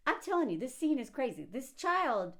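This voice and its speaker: Sarcastic, animated woman film commentator. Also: high voice, normal speed. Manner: sarcastic and animated, acting out characters' lines; laughs often mid-sentence. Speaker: movie commentator.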